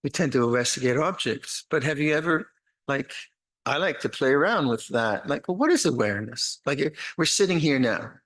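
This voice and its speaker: An older man, a monastic teacher, giving an unhurried, reflective dharma talk with meditation instructions, often restarting phrases and adding gentle humor. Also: medium pitch, animated. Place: retreat meditation hall.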